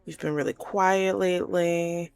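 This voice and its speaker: A caring young friend in a life-sim game , as a woman voices her, asking gentle, concerned questions. The voice is low for a woman. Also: steady tone, unhurried, creaky.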